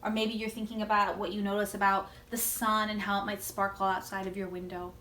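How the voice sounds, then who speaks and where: A woman teaching a recorded lesson for children, gentle and encouraging, and inviting them to join in. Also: mid-range voice, level tone, brisk, echoey room. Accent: American.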